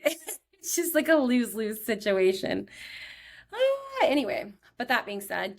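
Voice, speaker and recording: A young woman chats on her own show, excitable and quick to gush, with fillers running all through her talk. Her pitch sits in the middle for a woman's voice. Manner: chatty and excitable, many fillers like "like". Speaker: podcast host. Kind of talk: casual solo chat.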